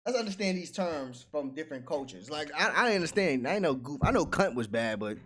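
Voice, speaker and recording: A man's voice: a little high, sing-song, fairly quick, a bit bright. A man hosting a casual livestream, talking in slang, reading chat aloud and laughing often.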